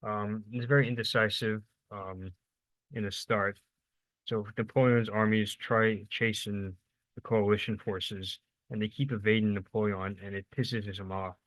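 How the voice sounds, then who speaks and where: A man's voice: on the low side, fairly even intonation, unhurried, no echo, low-quality recording. A young man giving a casual, unscripted history lesson, rambling and informal, with lots of fillers and self-corrections.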